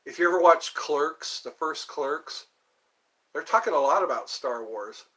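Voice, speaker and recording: A man's voice: on the high side, expressive, measured pace, pushed and bright. A man hosting a casual livestream chat, rambling and thinking aloud as he digresses from one topic to the next. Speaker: host.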